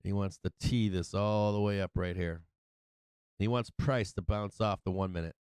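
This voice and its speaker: A man's voice: low-pitched, moderate pace, clean tone, no room sound. A tired man hosting a stock market livestream, talking casually with lots of swearing and laughter as he comments on charts. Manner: profane, excitable, laughs often. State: tired from no sleep.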